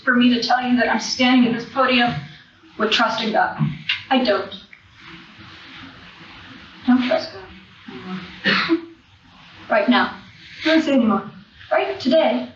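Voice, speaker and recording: A woman's voice: fairly high pitch, fairly bright tone, slight background noise. Blunt, profane woman speaking in an echoey hall. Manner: raw, blunt and profane, with emotional swells. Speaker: recovery convention speaker. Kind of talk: personal recovery testimony from a podium. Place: large convention hall. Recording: echoey, distant, dull hall recording.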